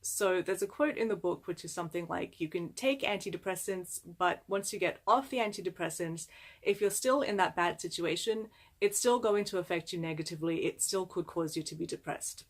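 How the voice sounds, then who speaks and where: A young adult woman presenting a book summary in a casual explanatory way, talking conversationally with frequent fillers. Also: fairly low pitch.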